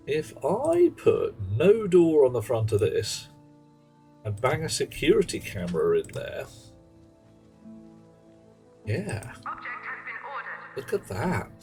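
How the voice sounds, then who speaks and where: A man's voice: medium pitch, darkish tone, rough recording. A man giving casual, rambling commentary while streaming a game, wry and full of playful asides. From England. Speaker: livestreamer.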